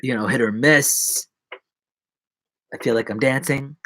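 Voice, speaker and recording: A man's voice: medium pitch, measured pace, pauses often, pushed and bright, no echo. A man chatting loosely on a live stream, jumping between asides and poking fun at himself. He restarts his sentences often and lets thoughts trail off. The sound is dry and close. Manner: rambling, self-mocking, many restarts and asides. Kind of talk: casual live-stream chat.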